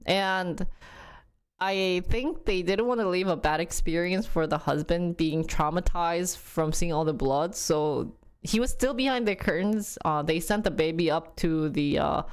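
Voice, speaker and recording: Slow-talking woman chatting on stream. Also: fairly low pitch, clean tone. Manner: chatty, laughs often, searches for words. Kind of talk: casual live-stream chat.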